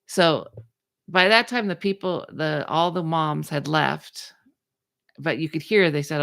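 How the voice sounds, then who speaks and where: A woman's voice: deep voice, a little slow, creaky, no room sound, studio quality. A woman hosting a podcast, telling a story in casual chat and acting out the people in it. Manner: animated, acts out the people in her story. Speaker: podcast host.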